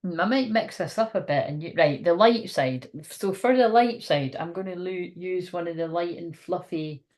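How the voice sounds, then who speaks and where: Woman reading cards live, chatty and rambly, kinda low voice. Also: moderate pace, hardly any pauses, darkish tone. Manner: rambling, thinking aloud; chatty and informal. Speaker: tarot card reader. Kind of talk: live card reading to viewers.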